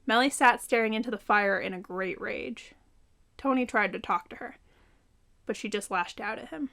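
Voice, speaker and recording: A woman reading her own fantasy novel aloud as scripted narration, even and unhurried. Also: fairly high pitch, gravelly.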